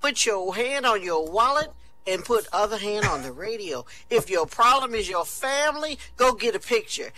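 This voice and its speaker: A man's voice: sits high, expressive, normal speed, pushed and bright, no room sound, faint music behind, voice pushed up, rough recording. A man voicing a boastful male radio evangelist who preaches in a rising sermon cadence. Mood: fervent.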